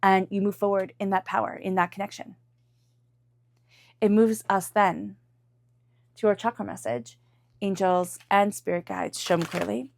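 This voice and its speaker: A woman giving a spoken tarot reading, chatty and meandering, softly repeating invocations as she draws cards. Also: medium pitch, fairly even intonation, moderate pace, gravelly, long pauses, no room sound. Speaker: tarot reader.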